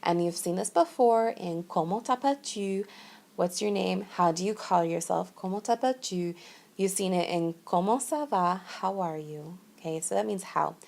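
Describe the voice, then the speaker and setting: A woman's voice: fairly low pitch, normal speed, vocal fry, a little mellow. A woman teaching a French lesson in a patient, step-by-step way, often checking in with "okay?". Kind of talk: recorded classroom lesson narration. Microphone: screen-recording voice-over.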